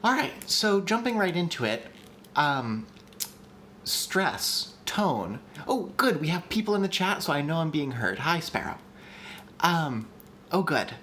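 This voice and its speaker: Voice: medium pitch, big pitch swings, measured pace, fairly bright tone, slight background noise. A livestream host teaching language creation in a chatty, enthusiastic way, with frequent ums and restarts. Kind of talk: casual livestream lesson.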